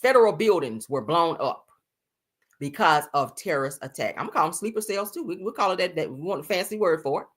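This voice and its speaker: A woman's voice: lowish voice, animated, fast talker, breathy edge. A woman from the US giving blunt, profane, sassy live-stream commentary, full of emphatic repeats.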